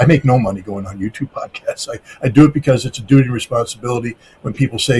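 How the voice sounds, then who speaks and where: A man's voice: medium pitch, fairly even intonation, fast, hardly any pauses, a little mellow. Emphatic American man guest, faint background hum. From United States. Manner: emphatic, repetitive, with frequent restarts. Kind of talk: interview answers.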